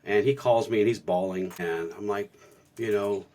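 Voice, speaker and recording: A podcast co-host with a lowish, steady, mellow voice speaks at a moderate pace on a spiritual show. He tells stories in a casual, earnest, reflective way, frequently restarting his sentences.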